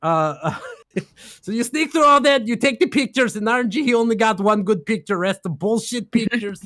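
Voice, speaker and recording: A man's voice: high-pitched, expressive, moderate pace, a bit bright, no room sound, clean studio sound. A man casually recapping a game plot on a stream, rambling in broken grammar with lots of fillers and laughs.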